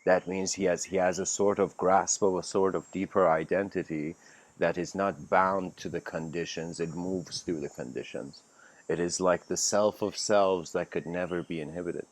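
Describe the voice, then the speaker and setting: A man's voice: sits low, steady tone, normal speed. A man giving a casual livestreamed spiritual lecture, telling a story in a rambling way with many fillers and restarts. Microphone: home livestream mic.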